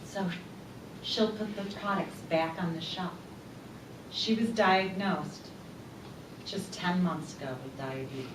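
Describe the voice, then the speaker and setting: Slow-spoken woman giving a talk. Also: lowish voice. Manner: slow, deliberate, rhetorical questions to the audience. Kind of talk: presentation to a small group. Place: room with a small audience. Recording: echoey room from a distance, faint hum.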